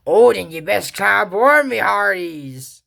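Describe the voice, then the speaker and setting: A woman's voice: mid-range voice, expressive, unhurried, gravelly, a bit bright, pitched above the performer's own voice, exaggerated voice. A woman voicing a hapless male pirate captain who talks in pirate slang, reading his lines aloud. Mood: cheerful. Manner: read aloud from the show's dialogue.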